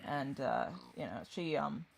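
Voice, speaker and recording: A woman with a very deep, gravelly voice and huge pitch swings chats casually while streaming a game, rambling and often getting distracted. She speaks unhurriedly, and there's a little hiss or hum in the audio.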